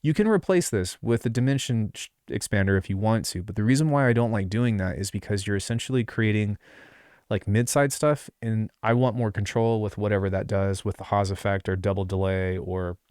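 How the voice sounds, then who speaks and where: A man with a lowish, darkish, clean voice talks a little fast into a close desk mic with no echo. It's a casual screen-recorded music production tutorial, and he rambles offhandedly with plenty of fillers and asides.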